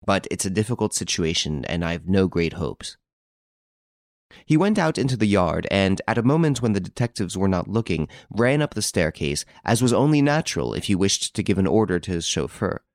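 A man narrating a classic detective story in an even, measured reading, voicing the dialogue lightly. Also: deep voice, no room sound, studio quality. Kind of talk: scripted audiobook narration.

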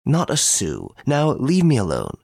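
Man doing a brusque, gruff detective. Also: mid-range voice, wildly swooping pitch, measured pace, a little mellow, dry recording, studio quality, voice pushed up, heavily acted. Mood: impatient. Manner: curt, brusque, commanding. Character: gruff, impatient middle-aged male detective. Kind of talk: audiobook character voice.

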